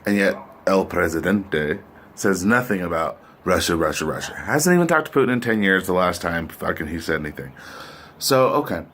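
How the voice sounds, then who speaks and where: A man's voice: sits low, expressive, normal speed, fairly bright tone, slight background noise. A middle-aged man hosting a podcast, delivering a profane, sardonic, rambling political rant. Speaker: podcast host. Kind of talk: ranting political monologue.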